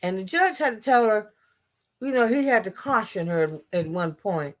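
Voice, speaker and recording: A woman's voice: medium pitch, animated, moderate pace. A woman giving impassioned political commentary, blunt and profane, often restarting her sentences.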